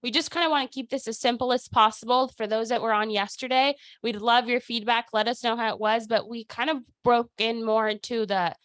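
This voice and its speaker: A woman hosting a weekly sales team call, talking in an energetic, chatty way with lots of "like" and "dude". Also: a little high, fairly quick, hardly any pauses, dry recording. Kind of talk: casual motivational talk on a video call.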